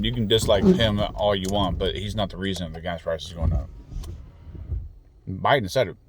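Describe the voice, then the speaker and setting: A man rants about politics, swearing freely and restarting his sentences as he goes. A faint hum of car noise sits behind him. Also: sits low. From United States. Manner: angry, profane, rambling with restarts. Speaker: political commentator. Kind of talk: ranting monologue.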